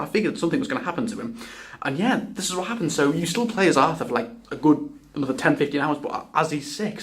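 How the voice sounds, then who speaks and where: This man's voice sits on the high side as he reviews a video game casually, full of rambling enthusiasm, frequent sentence restarts and swearing.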